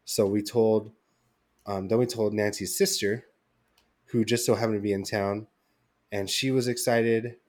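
A man's voice: lowish voice, steady tone, a little slow, long pauses, a little mellow. A young man co-hosting a podcast, telling a story in casual chat with lots of fillers and restarts. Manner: rambling storytelling with many fillers. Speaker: podcast co-host.

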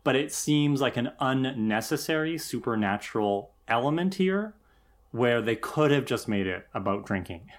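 A man's voice: mid-range voice, lively intonation, moderate pace. A man co-hosting a podcast, giving thoughtful, analytical commentary on an episode. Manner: thoughtful, analytical, some restarts. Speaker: podcast co-host. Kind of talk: casual critical discussion.

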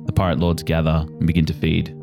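A man narrating a tabletop game as game master in a relaxed, descriptive way. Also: rumbling low, fast, creaky, over music.

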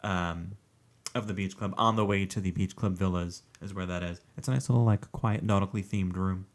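Low-voiced joking male podcast host. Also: steady tone, a little fast. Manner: joking, self-mocking, rambling with fillers. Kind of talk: casual chat.

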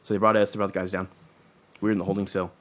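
Young man, low-pitched, quick and loose, rambling anecdotes with filler words. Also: little pitch movement, a bit bright. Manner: rambling, profane storytelling full of fillers. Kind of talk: casual chat.

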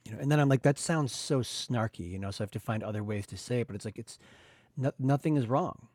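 A man's voice: mid-range voice, quick pace, darkish tone, no room sound, clean studio sound. A man hosting a podcast, talking in an earnest, reflective way with plenty of "you know" fillers. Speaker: podcast host. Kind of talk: casual podcast conversation.

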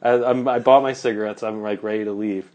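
A man's voice: on the low side, fairly even intonation, a little fast, darkish tone. A man casually telling a rambling story on a podcast, with lots of fillers and laughs.

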